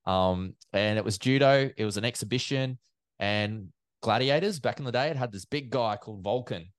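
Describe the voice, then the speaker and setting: In a casual interview, this male event MC and commentator spins stories, animatedly performing the back-and-forth of quoted conversations. He speaks at normal speed in a fairly low voice, and the recording is dry and studio quality.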